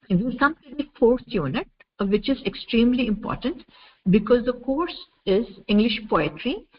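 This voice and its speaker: Woman lecturing over slides, dull audio. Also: a little high. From India. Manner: measured, explanatory, with frequent "uh" fillers. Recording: dull lo-fi recording with faint noise.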